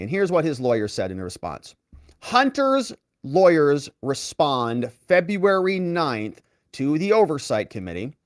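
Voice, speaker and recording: Sarcastic lawyer man with lively pitch. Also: a little slow, dry recording, clean studio sound. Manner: sarcastic, mocking asides; animated reading of quoted letters. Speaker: lawyer and political commentator. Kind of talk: reading aloud and commenting on letters.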